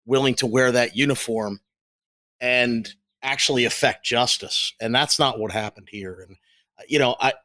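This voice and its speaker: American guy on a panel, earnest, keeps restarting, bright dry voice. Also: medium pitch, no room sound. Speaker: panel guest. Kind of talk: political discussion.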